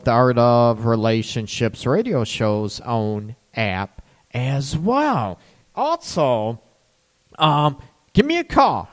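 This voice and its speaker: A middle-aged man hosting a call-in radio talk show from his counseling office, tired and loose, with lots of fillers. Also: mid-range voice. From Michigan. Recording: long hall reverb.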